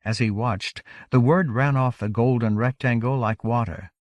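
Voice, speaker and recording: A man narrating a novel aloud in a measured, steady audiobook reading. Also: mid-range voice, no echo. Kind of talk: scripted narration.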